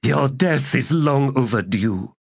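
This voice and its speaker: A man's voice: medium pitch, lively intonation, slow, creaky, breathy edge, pitched above the performer's own voice, full character voice. A man voicing Kilmandaros, a huge fanged goddess, fierce and defiant, in a raised voice.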